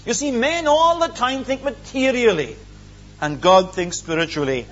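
A man's voice: very high-pitched, big pitch swings, moderate pace, fairly bright tone, muffled recording. A man preaching a sermon, earnest and emphatic, with many rhetorical questions.

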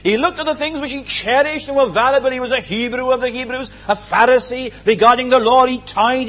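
A man's voice: extremely high pitch, brisk, few pauses, bright, forceful tone, muffled recording. A man preaching a sermon, earnest and emphatic, with many rhetorical questions.

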